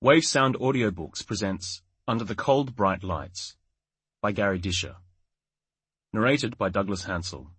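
A man narrating an audiobook in a measured, wry storytelling manner. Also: fairly low pitch, animated, a bit bright, slightly rough, no room sound. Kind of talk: scripted narration.

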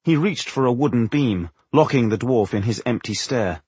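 A man narrating a fantasy novel as an audiobook, telling it in an expressive way. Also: mid-range voice, moderate pace, husky, no echo. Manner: expressive storytelling.

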